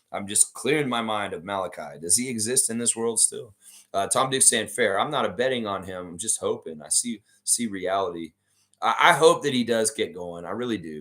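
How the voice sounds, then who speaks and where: Hoarse, fired-up man hosting a live stream. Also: lowish voice. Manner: animated, reads chat messages aloud, swears freely. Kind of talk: casual live-stream sports chat.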